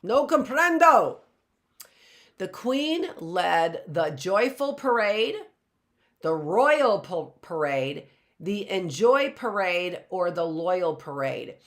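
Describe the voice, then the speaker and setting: Middle-aged woman teacher, patient, sounds out every letter, lowish voice. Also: sing-song. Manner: slow, explaining, sounds out words. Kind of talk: online phonics lesson.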